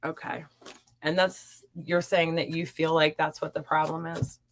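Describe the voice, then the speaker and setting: A young adult woman hosting a live stream as a psychic reader, chatting warmly and encouragingly with viewers. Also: low voice, little pitch movement, unhurried, a little hiss or hum. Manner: warm, encouraging and upbeat. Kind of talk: live-stream chat reading viewer comments.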